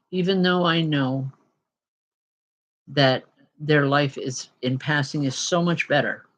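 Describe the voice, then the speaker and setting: A woman giving live spirit-message readings as host, chatty and apologetic, with frequent ums and an emotional edge. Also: deep voice. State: emotional at times. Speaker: spiritual medium and show host.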